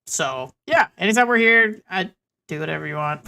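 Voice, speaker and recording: A woman's voice: on the low side, lively intonation, moderate pace, vocal fry, sharp tone. A woman running a tabletop game for her friends, easygoing and chatty. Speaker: game master.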